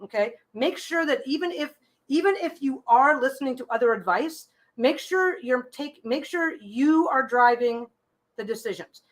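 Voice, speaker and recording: A woman's voice: sits high, lively intonation, normal speed. Chatty woman giving live tarot readings. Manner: chatty, frequent restarts and repeated phrases; reassuring, advice-giving. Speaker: tarot reader hosting a live stream.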